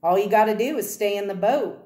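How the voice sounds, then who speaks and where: A woman voicing a calm, easygoing man who soothes a scared child in a relaxed, folksy drawl, in a storybook reading. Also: a little fast, natural voice. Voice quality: rumbly. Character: calm older man paddling a canoe, gently teasing. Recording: roomy echo.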